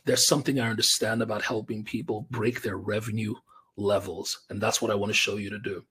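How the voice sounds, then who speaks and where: Male business coach, lower voice, very husky, fired-up and chatty webinar host. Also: a little fast. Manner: energetic, conversational, talks directly to viewers with slang like bro and fam. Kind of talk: live webinar pitch.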